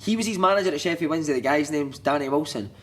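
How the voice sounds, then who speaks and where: A man, a podcast guest telling animated, sweary anecdotes with frequent laughter. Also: fairly high pitch, rapid-fire. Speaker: podcast guest, former footballer. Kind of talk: casual storytelling chat.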